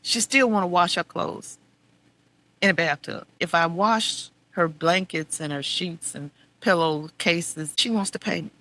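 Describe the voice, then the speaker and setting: With an unhurried, fairly low voice, a middle-aged podcast host tells a frank story from her own life. Her telling swings from quiet, reflective moments to exasperated outbursts, staying both sincere and wry.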